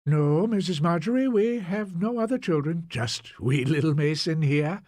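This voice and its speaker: A man voicing a young Scottish mother, earnest and hurried, with a soft, eager delivery in a Scottish accent. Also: on the high side, lively intonation, no room sound, clean studio sound, voice pushed up, lightly acted. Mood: proud.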